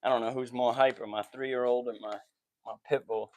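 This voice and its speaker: A man's voice: mid-range voice, flat delivery, brisk, darkish tone. A man in his thirties, a football podcast host, chatting casually outdoors at home in loose slang and scolding his kids and dog now and then. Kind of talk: casual vlog chat. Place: outdoors at home by the backyard and porch.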